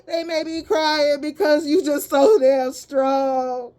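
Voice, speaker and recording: A woman's voice: high voice, dark tone. A woman giving a casual spoken tarot reading, talking bluntly and animatedly, with frequent swearing. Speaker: tarot reader.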